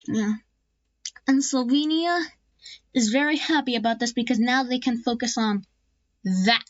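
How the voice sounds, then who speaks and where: A woman talks through an alternate-history map in a loose, casual way, stumbling over restarts and filling gaps with "uh". She drops jokey asides as she goes. Her voice sits a bit high, and the dry, dull lo-fi mic has no room sound at all. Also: measured pace, no room sound. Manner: rambling, with many fillers and restarts. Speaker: map video narrator.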